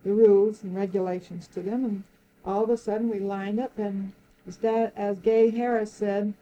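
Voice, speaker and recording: Older woman, mellow voice, lively storyteller. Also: medium pitch, normal speed, dull audio, slight background noise. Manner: lively storyteller, laughs often, acts out quoted speech. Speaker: interviewee. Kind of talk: oral history reminiscence.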